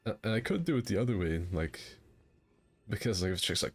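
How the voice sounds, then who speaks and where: Low-voiced man joking through a game stream. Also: very animated, a little fast. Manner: rambling, crude joking banter with frequent laughs. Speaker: streamer hosting a game fight night. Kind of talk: casual gaming stream chat.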